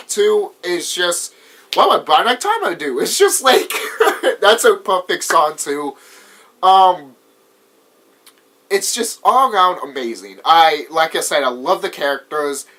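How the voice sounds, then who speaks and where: A young American man rambling excitedly through a casual movie review, laughing often and swearing freely. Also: high voice. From United States. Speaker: vlogger.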